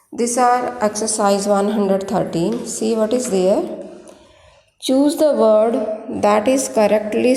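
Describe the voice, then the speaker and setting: A woman teacher with an Indian English accent, giving a slow spelling lesson and spelling words out letter by letter. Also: mid-range voice, darkish tone. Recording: echoey room with long reverb.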